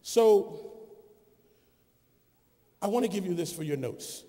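A man pastor preaching a sermon, building to shouted emphasis and calling on the congregation to answer him. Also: sits high, animated, takes it slowly, big-room sound. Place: church sanctuary.

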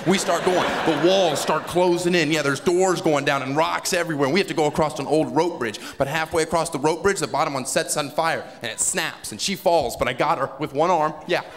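A male stand-up comedian performing before a live audience, telling animated, sarcastic stories. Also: fairly high pitch, fairly quick, hardly any pauses. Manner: animated storytelling, wry and sarcastic. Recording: echoey hall with audience crowd noise.

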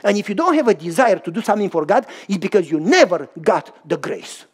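A pastor preaches to a live audience in a high, very animated, slightly rough voice at a fairly quick pace. He tells a story, acts out both sides of a dialogue, and questions his listeners directly.

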